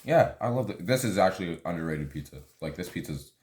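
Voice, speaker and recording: A young man with a lowish voice plays along in a tabletop game, halting and restarting his sentences. The room is echoey, with a faint hiss under his voice. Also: lively intonation, darkish tone. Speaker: player. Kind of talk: casual tabletop game chat.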